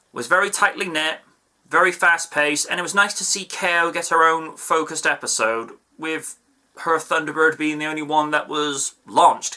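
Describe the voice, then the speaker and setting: A man's voice: on the high side, bright, forceful tone. A man giving a casual, chatty review of an episode, with playful asides and digressions. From United Kingdom.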